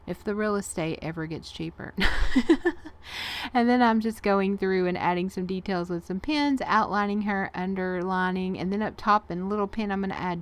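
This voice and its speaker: A woman's voice: medium pitch, moderate pace, smooth. Chatty woman narrating crafts. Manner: chatty, folksy, laughs often, says y'all. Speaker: art journaling vlogger.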